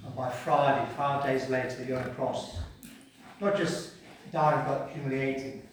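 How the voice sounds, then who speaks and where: A man preaching a sermon and reading scripture, swinging between hushed and loud delivery. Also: mid-range voice, fairly even intonation, unhurried, background noise. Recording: echoey hall picked up from a distance.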